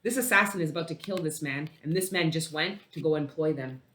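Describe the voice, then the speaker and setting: A woman giving a casual tarot reading, emphatic and swearing freely, with big swings between loud outbursts and low murmurs. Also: a little fast, noisy background. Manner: emphatic, heavy swearing, dramatic swings in loudness. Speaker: tarot reader. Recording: roomy echo.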